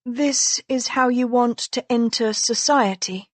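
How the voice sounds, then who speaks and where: Woman doing haughty, sharp Regency lady. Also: a little high, slow, dry recording, pitched above the performer's own voice. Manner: crisp, haughty and argumentative. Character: sharp-tongued aristocratic Regency wife. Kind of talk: audiobook character voicing.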